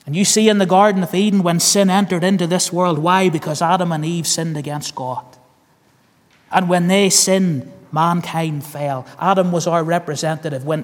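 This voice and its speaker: A man with a Northern Irish accent preaching a sermon, earnest, repeating key phrases and calling listeners friend. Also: fairly high pitch. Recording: long hall reverb.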